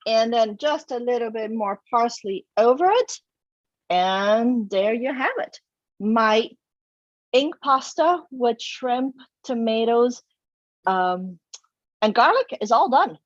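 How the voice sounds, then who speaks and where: A woman's voice: a little high, expressive, takes it slowly, dry recording, lo-fi sound. A woman hosting a live cooking show from her kitchen, talking through her dish with small fillers. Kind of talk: casual cooking demo chat. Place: home kitchen.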